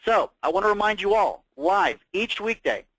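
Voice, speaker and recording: A man presenting a trading course, making an upbeat sales pitch full of rhetorical questions. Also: animated, normal speed, a bit bright, no echo, low-quality recording.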